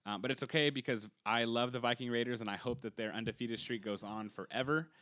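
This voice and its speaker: A young man co-hosting a casual wrestling podcast, blunt and opinionated, sometimes dropping low and flat. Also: fast talker. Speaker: podcast co-host. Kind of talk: casual chat.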